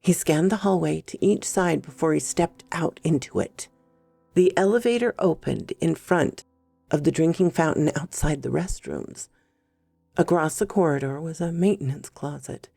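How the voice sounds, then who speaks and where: A woman reads a horror story in a measured, unhurried way, and her mellow voice carries a gravelly fry. She sounds close and dry, with faint music playing underneath. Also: low-pitched, no echo. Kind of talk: scripted horror story narration.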